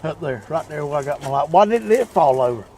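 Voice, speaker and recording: A landowner and coon hunter from the southeastern United States talks bluntly and profanely during a night investigation in the woods. His voice is a little high, expressive, fairly quick, and mellow, and the casual outdoor chat is captured in a noisy nighttime recording.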